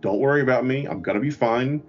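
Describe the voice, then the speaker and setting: A man's voice: medium pitch, quick pace, muffled recording. A man casually telling a long, rambling, profane story about his trip, poking fun at himself. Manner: rambling, profane, self-mocking. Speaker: podcast co-host.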